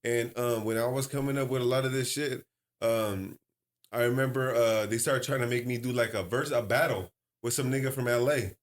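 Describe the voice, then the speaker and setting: A man, a podcast co-host telling stories in an animated, slangy way. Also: mid-range voice, brisk. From San Francisco Bay Area. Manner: animated, slangy, breaks into exaggerated impressions. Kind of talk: casual storytelling chat.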